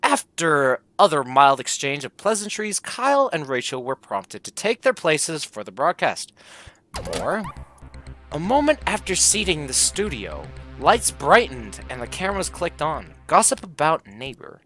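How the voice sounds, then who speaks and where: A man's voice: on the high side, big pitch swings, measured pace, fairly bright tone, soft background music. A man reading out the text of a comedy game as he plays, joking about the choices in a playful way and putting on voices for the lines. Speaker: gameplay commentator.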